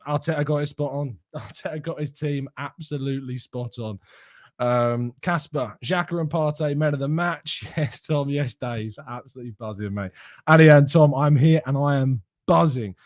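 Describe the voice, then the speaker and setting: A man's voice: mid-range voice, normal speed, dry recording, studio quality. A young man hosting a fan live stream, giddy and mocking, laughing often as he reads out chat messages. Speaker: fan channel host reading live chat.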